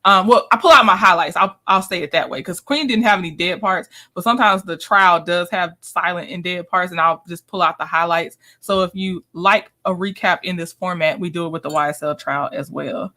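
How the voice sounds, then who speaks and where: A woman's voice: on the low side, fairly quick, few pauses, sharp tone. A woman hosting a live commentary stream, chatty and laughing often as she recaps clips and answers her chat. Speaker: commentary host.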